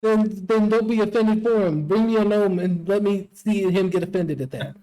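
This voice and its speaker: A brash, foul-mouthed village guide who snaps at travellers, put on by a man. The voice sits high but mellow and relaxed, and he talks down to everyone in a tabletop role-play. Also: normal speed, lightly acted, rough recording. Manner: profane, brash, mocking. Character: rude aggressive male local NPC guide.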